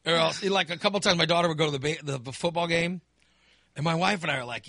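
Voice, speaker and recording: A man's voice: on the high side, quick pace, a bit bright, no echo, studio quality. A middle-aged man hosting a podcast, ranting in casual chat with plenty of profanity and exasperation. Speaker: podcast host.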